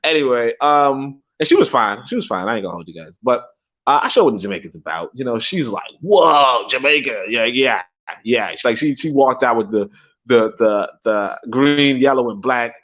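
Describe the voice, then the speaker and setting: A young man tells stories on a casual livestream. His pitch swings all over as he rambles, swears and repeats himself. The stream audio is dull and lo-fi. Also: expressive, fairly quick, fairly bright tone. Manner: rambling, profane, laughs often, repeats himself. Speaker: livestream host.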